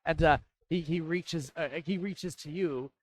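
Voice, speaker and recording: Halting man running a tabletop game. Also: on the high side, poor audio. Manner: halting, many fillers and restarts. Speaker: dungeon master.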